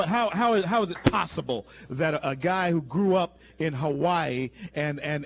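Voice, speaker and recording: A male talk radio host speaks from the studio in an emphatic, opinionated way. His voice is slightly high for a man, and he often stumbles and restarts mid-sentence.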